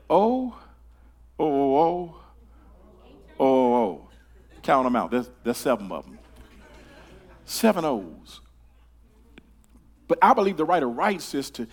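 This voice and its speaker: An older man preaching a sermon in a church, talking to the congregation in a conversational way, with stammered repeated starts that swing from hushed to loud. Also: a little high. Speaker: pastor. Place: church sanctuary.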